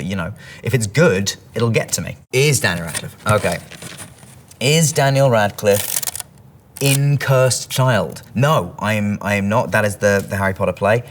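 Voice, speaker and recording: A man in his thirties with a London English accent, answering interview questions in a chatty, self-deprecating way and reading each question aloud. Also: deep voice. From England. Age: 30s.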